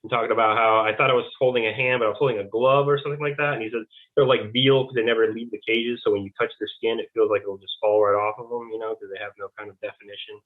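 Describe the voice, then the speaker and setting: A male interview guest tells his story in a loose, rambling way, playing out both sides of old conversations. He talks fast and barely pauses. His voice comes through a narrow, tinny phone-like line. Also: on the low side, fairly even intonation. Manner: rambling, acts out quoted back-and-forth dialogue. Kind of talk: casual testimony.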